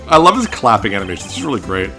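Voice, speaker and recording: A man's voice: on the low side, big pitch swings, rapid-fire, bright, forceful tone, faint music behind. Chatty, upbeat man commenting on a game. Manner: chatty, enthusiastic asides. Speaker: let's play host.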